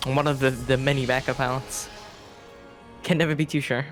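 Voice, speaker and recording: A man's voice: medium pitch, flat delivery, moderate pace, a bit bright, soft background music. A man casting a live video game match, joking and bantering with his co-caster. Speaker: esports caster. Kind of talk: casual live game commentary.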